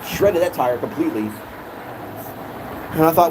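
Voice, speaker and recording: A man's voice: on the high side, moderate pace, pauses often, noisy background. A man vlogger telling a rant-style story with heavy swearing and a lot of repetition. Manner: animated, profane, repeats himself.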